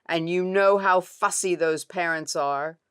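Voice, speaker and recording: A woman's voice: fairly low pitch, unhurried, clear, resonant tone. A woman voicing a fierce, bossy Viking mother scrubbing her daughter. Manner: bossy, sharp.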